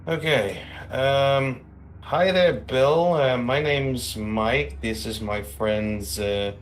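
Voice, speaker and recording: A man's voice: medium pitch, drawn-out words, slight background noise. Sardonic man at the gaming table. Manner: casual and sardonic, with mild swearing. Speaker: player. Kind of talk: casual tabletop play.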